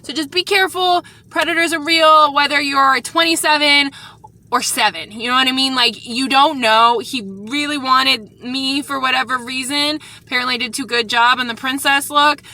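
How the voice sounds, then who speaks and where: A woman's voice: high voice, normal speed, sharp tone. A woman vlogger earnestly recounting an unsettling encounter in a rambling, casual way and warning viewers to be careful. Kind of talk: casual storytime vlog.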